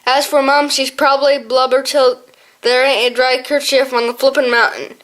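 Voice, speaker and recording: A woman's voice: high-pitched, flat delivery, normal speed, a bit bright. A woman voicing a hungry, talkative young male hare with a posh, exclaiming manner, in an audiobook. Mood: chatty.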